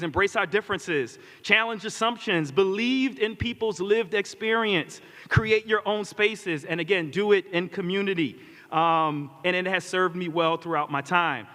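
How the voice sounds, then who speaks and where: A man's voice: fairly high pitch, a bit bright. A man, giving an earnest commencement speech and repeating key lines for emphasis. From Philadelphia. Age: 40s. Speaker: commencement speaker. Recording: reverberant hall.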